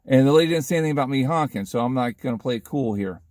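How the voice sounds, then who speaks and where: A man casually telling a funny anecdote in a vlog, lively and chatty, laughing at his own story. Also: medium pitch, very fast, dry recording, clean studio sound.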